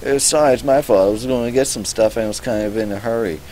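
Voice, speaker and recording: A hurried, apologetic schoolgirl, as a man reads her lines. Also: medium pitch, a little hiss or hum, lightly acted, poor audio. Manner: reads aloud flatly in own voice. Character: energetic young female student, apologetic.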